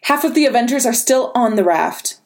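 A woman voicing a brash middle-aged man who talks fast and defensively. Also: a little high, lively intonation, voice pushed up. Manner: quick, defensive.

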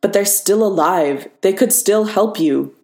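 A woman's voice: medium pitch, a little slow, darkish tone, lightly acted. A woman voicing a blunt, unimpressed teenage girl who speaks dryly. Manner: dry, blunt. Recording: echoey room.

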